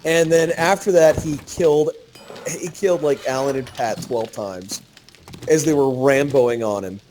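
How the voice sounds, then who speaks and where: A man telling a story to his fellow players in casual gaming chat, animated and swearing freely. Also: mid-range voice, a little slow, slight background noise.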